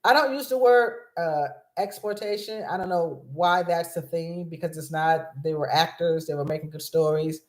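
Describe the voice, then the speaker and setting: A woman's voice: on the low side, moderate pace, hardly any pauses. A woman in her fifties from Los Angeles, hosting a live video chat, bubbly and scattered, often restarting her sentences. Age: 50s. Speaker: vlog host. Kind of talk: excited rambling livestream chat. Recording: roomy echo.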